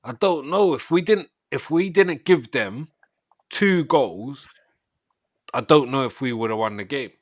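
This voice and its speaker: A young man hosts a football reaction stream in a rambling, slang-filled chat. His voice sits at an ordinary middle pitch. The sound is close and dry, with no room echo. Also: lively intonation, measured pace. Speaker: live stream host.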